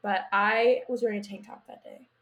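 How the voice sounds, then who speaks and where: A woman's voice: medium pitch, fairly even intonation, normal speed, fairly bright tone, slight background noise. Chatty, self-deprecating young woman. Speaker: podcast co-host. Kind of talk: casual chat.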